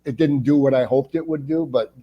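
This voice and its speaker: A man in his sixties, from Ohio, chatting as an interview guest and telling lively stories in which he acts out other people's lines. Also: mid-range voice, brisk, highs cut off. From Ohio, United States. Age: 60s. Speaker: actor, guest. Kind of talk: casual interview storytelling.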